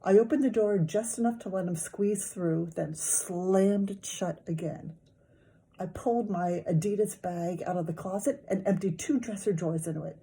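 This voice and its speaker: A teacher reading a children's chapter book aloud, her narration lively and expressive. Her voice is low-pitched, warm and mellow, with a soft breathy texture. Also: moderate pace.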